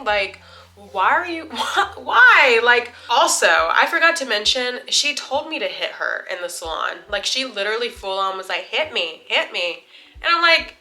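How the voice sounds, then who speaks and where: A woman beauty vlogger telling a story in a casual, chatty way while doing her makeup, with lots of "like" and an animated retelling. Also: mid-range voice.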